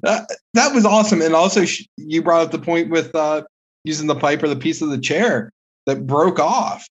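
A man's voice: on the high side, normal speed, husky. A man co-hosting a casual podcast, giving blunt, ranting opinions and swearing freely. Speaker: podcast co-host. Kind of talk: casual podcast review chat.

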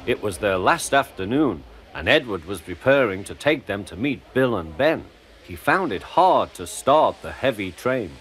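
Male storybook narrator, lively, varied pitch, music underneath. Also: moderate pace. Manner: gentle, expressive storytelling. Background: background music.

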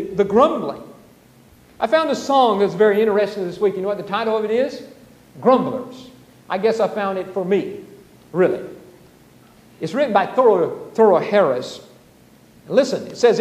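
A man preaching a sermon as pastor, animated, acting out the grumbling crowds. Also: high-pitched, reverberant, long reverb tail, low-quality recording. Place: church sanctuary.

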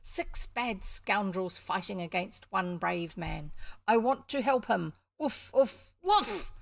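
A woman voicing a loyal male dog who growls and mumbles gruffly in his sleep, in a storybook reading. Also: medium pitch, animated, slow, no room sound, clean studio sound, full character voice. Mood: growling.

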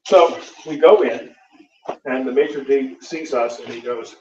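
An American man, a Catholic priest, tells stories from the podium with relaxed, dry humor and frequent fillers. His voice sits in the middle range and is picked up from a distance in a roomy hall. The sound is dull and lo-fi, with faint noise underneath. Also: medium pitch, measured pace. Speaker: Catholic priest giving a conference talk. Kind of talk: anecdotal conference talk. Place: lecture hall.

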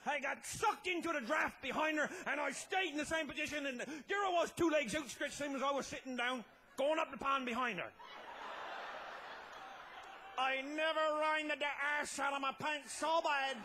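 A man telling a tall tale as a comedy monologue, loud and laughing, often breaking into shouts. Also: very high-pitched, moderate pace, noisy background. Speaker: comic storyteller.

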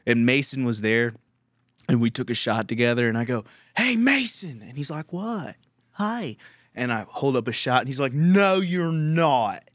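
A young man hosting a casual podcast chat, telling stories with lots of laughter and loud mimicry. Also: medium pitch, brisk, no echo, studio quality. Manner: animated storytelling, laughing, mimicking a friend in loud shouts. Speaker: podcast host and comedian.

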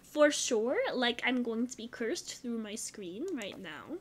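A young woman talks through a life-sim game in relaxed running commentary, gushing over what she sees. Her voice sits high, and she often drops into soft murmured asides. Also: slow, few pauses. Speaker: gaming channel host.

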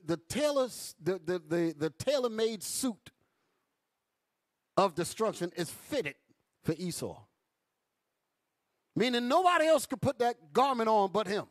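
A man teaching a Bible class in an emphatic preaching style, calling out to his listeners. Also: sits high. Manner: emphatic, calls out to the audience.

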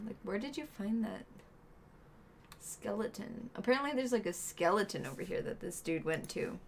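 A woman's voice: mid-range voice, lively intonation, moderate pace, a little hiss or hum. A woman streaming herself playing a video game, chatting casually with viewers and friends in the room.

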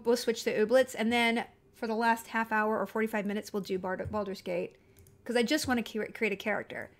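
A woman live-streaming a video game in casual, chatty talk, scattered and reading viewer comments aloud as she goes. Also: on the high side.

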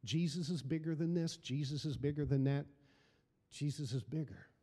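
A man's voice: on the high side, normal speed, mellow, big-room sound. A middle-aged man preaching a sermon as pastor, building emphasis through repeated phrases. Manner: preaching with rising emphasis and repetition.

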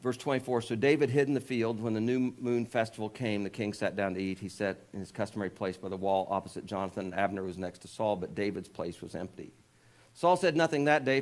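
A male pastor preaching a sermon, retelling scripture in a casual storytelling way with jokes and asides, raising his voice when he quotes the people in the story. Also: fast talker. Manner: lifts pitch and volume when voicing quoted figures.

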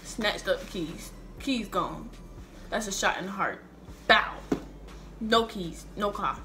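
A young woman in her late teens telling a dramatic storytime vlog in an animated, slangy way. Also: medium pitch, slow pace, background noise. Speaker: vlogger.

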